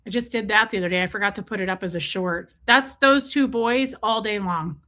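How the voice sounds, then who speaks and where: A woman's voice: mid-range voice, fairly quick, bright, forceful tone. A woman chatting casually on a live stream, talking with viewers about her pets, swearing freely and sometimes putting on silly voices for her cats.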